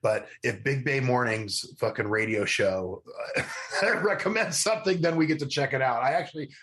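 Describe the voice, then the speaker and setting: A man's voice: medium pitch, normal speed, a bit bright. A man co-hosting a podcast, chatting casually and rambling with lots of restarts and laughter. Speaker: podcast co-host. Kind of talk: casual chat.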